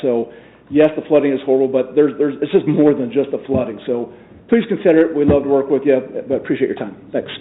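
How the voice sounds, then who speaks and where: A man, a youth baseball coach giving public comment, plain-spoken and halting with fillers. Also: fairly high pitch. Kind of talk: public comment at a council meeting. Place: city council chambers. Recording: tinny phone-like meeting feed.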